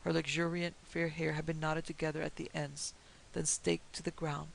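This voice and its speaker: A woman narrating a classic horror story in a steady, measured storytelling manner. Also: low-pitched, vocal fry, slight background noise, low-quality recording.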